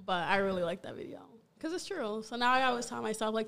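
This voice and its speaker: A woman's voice: on the high side, sing-song, quick pace, gravelly, fairly bright tone. A woman hosting a casual podcast chat, laid-back and slangy, laughing often. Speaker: podcast host.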